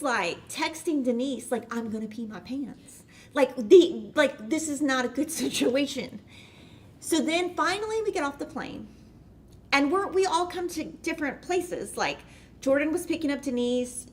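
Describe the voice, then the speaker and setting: A woman's voice: high-pitched, slight background noise. Chatty woman telling a story. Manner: chatty, rambling, lots of "like". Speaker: host. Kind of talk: casual storytelling on a livestream.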